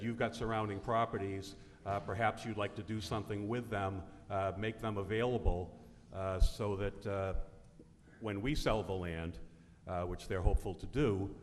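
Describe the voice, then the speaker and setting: A man speaking as a town official, explaining a matter hesitantly with frequent fillers. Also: on the low side. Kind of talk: explaining at a public meeting. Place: large town meeting hall. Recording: echoey hall, faint room noise.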